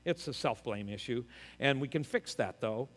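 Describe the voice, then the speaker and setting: A man's voice: medium pitch, lively intonation, moderate pace, fairly bright tone. An older man preaching a sermon as pastor, emphatic and earnest, slipping in joking personal asides. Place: church. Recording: long reverb of a large hall.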